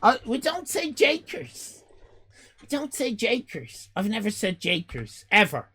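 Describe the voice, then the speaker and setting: An Irish man in his fifties hosting a live stream, loud and exclaiming, swearing and joking as he reacts to chat. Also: extremely high pitch, sing-song, measured pace, breathy edge. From Ireland. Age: 50s. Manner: loud, exclaiming, swears and jokes, rambling restarts.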